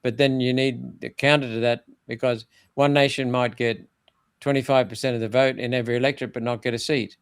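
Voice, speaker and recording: Speaking briskly in a smooth, mid-range voice with fairly even intonation, the former senator comes across as blunt and emphatic. This older man, a guest in a political interview, repeatedly restarts his phrases, and the recording is dry.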